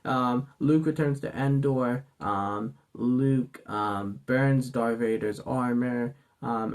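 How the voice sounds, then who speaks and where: A man's voice: medium pitch, darkish tone. A man hosting a casual vlog monologue, gushing and filling his talk with ums and you-knows. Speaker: channel host.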